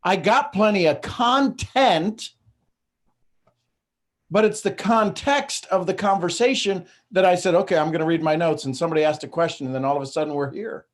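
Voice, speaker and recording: A man hosting an online coaching call, talking in a direct, animated way and laughing often. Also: sits high, normal speed. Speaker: host of a live coaching call. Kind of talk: casual coaching talk.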